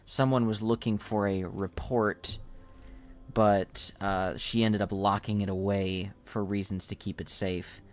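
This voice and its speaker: A man's voice: fairly low pitch, fairly even intonation, unhurried, soft background music. A man streaming a video game, thinking aloud in a hesitant, self-correcting way. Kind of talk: casual game commentary.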